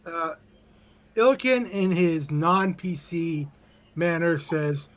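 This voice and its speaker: A man playing a tabletop game, joking with quick asides. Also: on the high side, fairly bright tone. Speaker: player. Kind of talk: casual tabletop game play.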